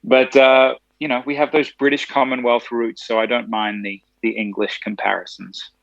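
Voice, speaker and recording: Australian-Tennessee male musician, gravelly and dry, chatty storyteller. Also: mid-range voice, moderate pace, dry recording, highs cut off. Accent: Australian with some Tennessee. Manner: chatty, laughs easily, animated storytelling. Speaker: musician guest. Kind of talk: casual phone interview.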